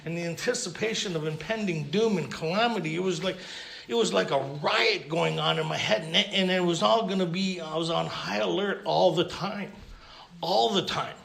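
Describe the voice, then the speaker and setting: Speaking fairly high and a little quickly, a man from Canada recounts his story at a recovery convention, his voice gravelly and a bit bright with slight background noise. He jokes at his own expense before a hall audience, stammering and beginning again.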